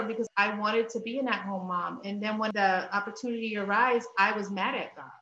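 Guest, woman in her 30s, candid faith talk, bright voice, roomy slightly dull audio. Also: medium pitch, brisk, a little hiss or hum. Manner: animated storytelling, acts out her own past lines in a rising voice. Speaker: interview guest. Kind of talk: candid faith-based conversation.

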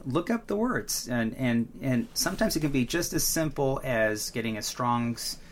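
A man's voice: mid-range voice, expressive, normal speed. Earnest male Bible podcast co-host. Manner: earnest, explanatory, frequent restarts. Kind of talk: casual Bible study podcast chat.

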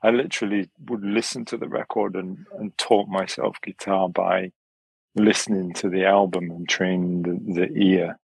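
A man from Wales, a yoga teacher and musician, talking as a podcast guest in a relaxed, rambling way. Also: low voice, moderate pace, gravelly, husky, dry recording, poor audio. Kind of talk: relaxed conversational interview.

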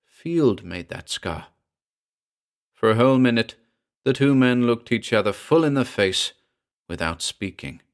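A man narrating a classic ghost story in a measured, quiet way. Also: mid-range voice, expressive, smooth. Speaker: audiobook narrator.

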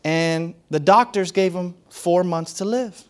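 A man's voice: high voice, unhurried, clean tone. A man preaching a sermon as a pastor, in a conversational and playful way, often laughing and acting out what others said.

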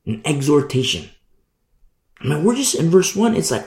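Guy preaching, lively sing-song voice, bit gravelly, roomy echo. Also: a little high, moderate pace. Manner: animated storytelling, acting out voices. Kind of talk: sermon.

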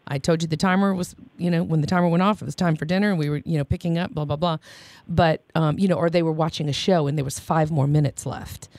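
A woman's voice: low voice, steady tone, fast, darkish tone, dry recording. A woman chatting casually about parenting, with lots of fillers and restarts and frequent laughter.

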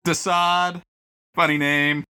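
A man's voice: a little high, little pitch movement, slow pace, bright, forceful tone, smooth. A young man co-hosting a podcast, chatting about a movie in a tired, rambling way and laughing often. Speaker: podcast co-host. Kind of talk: casual movie review chat.

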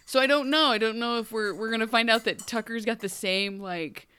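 A podcast co-host in her late thirties chats about books with a bright, forceful, clean-sounding voice that's a little high and a little fast. She rambles, laughs often, and puts on voices when quoting.

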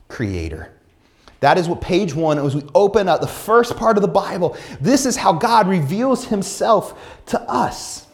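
Lively, conversational male pastor preaching. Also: a little high. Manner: conversational, addresses the congregation directly. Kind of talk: sermon.

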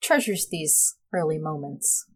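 A woman narrating a tabletop role-playing game as game master, describing scenes in a relaxed way with some fillers. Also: deep voice, a little slow, slightly rough.

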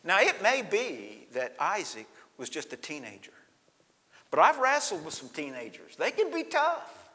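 A man preaching a sermon as a pastor, telling a story that swings from loud to hushed. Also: high voice, wildly swooping pitch, unhurried. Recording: long hall reverb.

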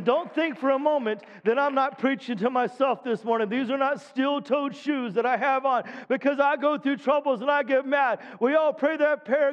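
A man's voice: extremely high pitch, moderate pace. A middle-aged man preaching a sermon as pastor, emphatic and calling out for amens from the congregation. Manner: emphatic preaching with frequent call-outs for amen. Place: church sanctuary. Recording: dull sound with long hall reverb.

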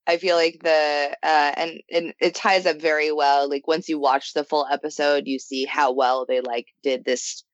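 A woman's voice: sits low, fairly even intonation, normal speed, hardly any pauses, no echo. A woman chatting casually, rambling eagerly as she explains. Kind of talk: casual chat. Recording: dull, dry sound.

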